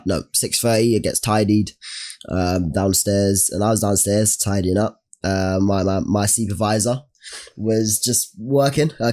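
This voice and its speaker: A young man, co-hosting a podcast and telling a story in casual, animated chat full of slang. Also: fairly low pitch. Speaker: podcast co-host.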